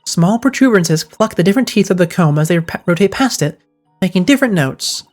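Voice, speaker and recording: A man reading aloud the lines of an eccentric, self-assured gentleman detective in a grandiose, wordy manner, with faint game music behind. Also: high-pitched, expressive, fairly quick. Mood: lofty.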